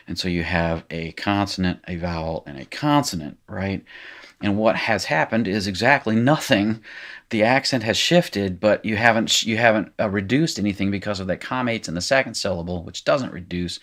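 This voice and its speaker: A man's voice: fairly low pitch, fairly bright tone. A middle-aged man teaching biblical Hebrew, working through exercises in a loose, self-correcting way while writing. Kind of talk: informal recorded lecture, working exercises.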